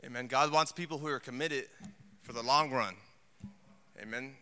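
A man preaching a sermon in a lively, conversational way, full of asides and acted quotes. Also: mid-range voice, normal speed, slight background noise. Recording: long hall reverb.

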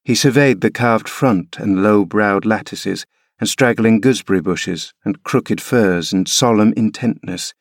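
A man reading a classic novel aloud as scripted narration, measured and unhurried. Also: lowish voice, no room sound, studio quality. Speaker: audiobook reader.

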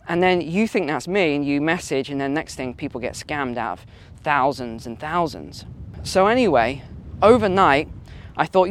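A man telling stories in a chatty, animated way while vlogging outdoors on a windy walk. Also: fairly high pitch, moderate pace. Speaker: finance vlogger. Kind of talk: casual walk-and-talk vlog.

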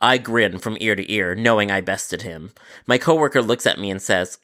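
A man narrating his call center stories in a sarcastic, exasperated tone, with deadpan asides. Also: on the low side, normal speed. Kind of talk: scripted storytelling narration.

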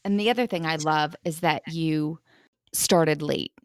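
Woman, podcast host, low voice, affirming, dry recording. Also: unhurried, clear, resonant tone, no room sound. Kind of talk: interview chat.

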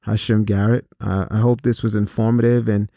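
A man earnestly telling a personal story to students in a measured way, with pauses and fillers. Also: lowish voice, level tone, vocal fry, warm tone, dry recording, clean studio sound. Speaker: host and speaker on violence prevention.

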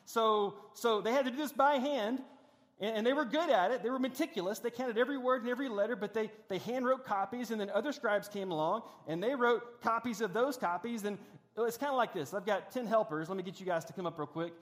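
Preacher with an echoing hall sound. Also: male voice, high-pitched, a little fast. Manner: conversational, self-deprecating humor, frequent restarts. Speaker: pastor. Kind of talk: sermon with a stage demonstration. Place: large church auditorium. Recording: long hall reverb.

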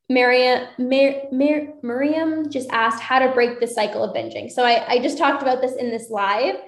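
High, upbeat woman coaching in an echoey room. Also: normal speed. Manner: upbeat, encouraging, repeats phrases. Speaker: binge eating coach. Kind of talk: live-stream coaching talk.

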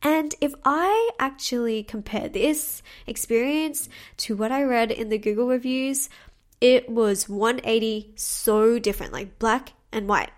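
A woman's voice: on the high side, measured pace. Bubbly young woman podcast host. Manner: bubbly and chatty, laughs often, addresses listeners as girls. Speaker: podcast host and manifestation coach. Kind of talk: solo podcast storytelling.

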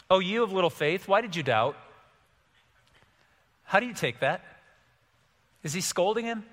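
A middle-aged man pastor preaching a sermon, animated, acting out quotes with sudden swings from soft to loud. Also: fairly high pitch, in a large hall. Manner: animated, acts out quotes with big swings in loudness.

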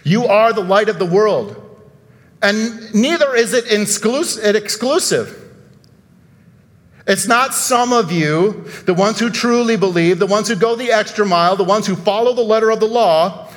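A male pastor giving a sermon, animated and emphatic, asking rhetorical questions and breaking into sudden outbursts. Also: high-pitched, a little slow, long reverb tail.

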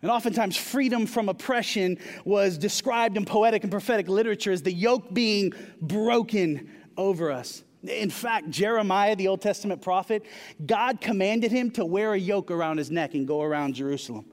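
A male pastor with a drawl delivers a conversational sermon, his voice pitched notably high. He leans on repeated words to build emphasis, and the sound rings with long church-hall reverb. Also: normal speed. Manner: conversational preaching with repetitions and rising emphasis.

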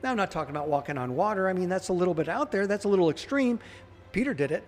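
A man with a notably high voice leads a devotional teaching, earnest and direct, turning each point into a question for the listener. His voice rings out in a long reverb, with faint music playing beneath. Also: lively intonation, rapid-fire. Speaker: devotional podcast host.

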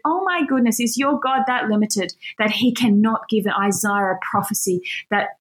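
A woman teaching from the Bible with real passion, reading scripture aloud in between her comments. She talks emphatically and insistently, and her enthusiasm runs high. Her voice sits at an ordinary middle pitch for a woman. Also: moderate pace, hardly any pauses.

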